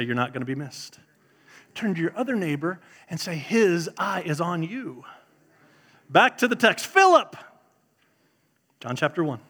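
A middle-aged man, preaching a sermon in an animated way, swinging between loud bursts and hushed asides. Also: fairly high pitch. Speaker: pastor.

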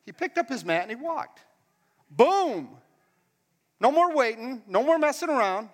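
A man's voice: very high-pitched, big pitch swings, unhurried, long pauses. A man preaching a casual, conversational sermon in a church hall, asking the crowd questions as he goes. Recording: long hall reverb.

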